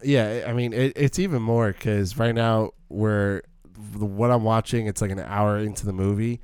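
A man's voice: fairly low pitch, fairly even intonation, moderate pace, a little mellow, smooth, no echo, clean studio sound. A young man co-hosting a casual film discussion, rambling into rants and breaking off his own sentences. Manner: rambling, self-interrupting rants. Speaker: podcast co-host.

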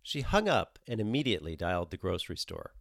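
A man narrating a novel as an audiobook, with a wry, lively storytelling manner. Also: fairly low pitch, quick pace, dry recording, clean studio sound.

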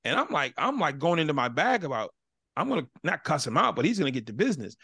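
Animated gravelly male storyteller. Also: fairly high pitch, fast talker, no echo, studio quality. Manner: animated storyteller acting out dialogue. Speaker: guest, motivational speaker. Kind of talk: casual interview storytelling.

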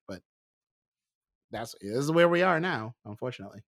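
A man in a casual chat about TV shows, relaxed and opinionated, often restarting his sentences. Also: mid-range voice, moderate pace, gravelly.

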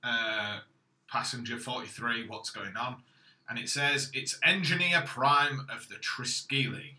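A man with a very bright, sharp-edged voice recaps a story in a plain, matter-of-fact way and drops in dry asides. He is recorded in an echoey room. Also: medium pitch, unhurried. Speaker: podcast co-host recapping the story. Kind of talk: casual chat.

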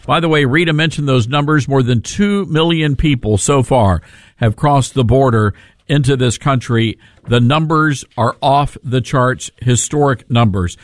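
A male talk radio host in his studio with a brisk, conversational delivery. His mid-pitched voice sounds dry and close to the mic. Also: dry recording. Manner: brisk, conversational, plugs and segues.

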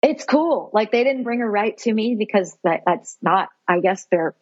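A woman's voice: medium pitch, normal speed, a little mellow, no echo, dull audio. A woman in her thirties, a podcast guest, telling a personal story in an earnest, heartfelt, self-reflective way.

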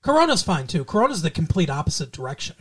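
A man's voice: fairly high pitch, sing-song, fast, fairly bright tone, slight background noise. A man co-hosting a podcast in casual chat about a TV show, rambling and often trailing off and restarting mid-thought. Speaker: podcast co-host.

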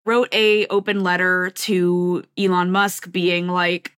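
A woman with a fairly low voice joins a podcast as a reporter guest. She talks casually and quickly, full of "like" and deadpan sarcasm. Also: smooth. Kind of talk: casual chat.

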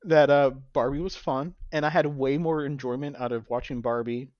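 A man's voice: mid-range voice, fairly even intonation, normal speed, no echo. Man, podcast co-host, laughs a lot, muffled dry audio. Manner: giggly, riffing on jokes. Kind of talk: casual chat.

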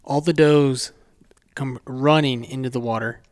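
A man's voice: medium pitch, a little slow, no room sound. Regular-voiced guy walking through his hunt story, dry mic. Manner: relaxed, plays the scene out step by step. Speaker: podcast co-host and hunter. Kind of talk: casual storytelling chat.

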